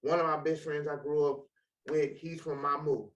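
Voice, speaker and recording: A man's voice: a little high, level tone, moderate pace, lo-fi sound. A man co-hosting a casual interview, telling a story in an easygoing way, with stops and restarts.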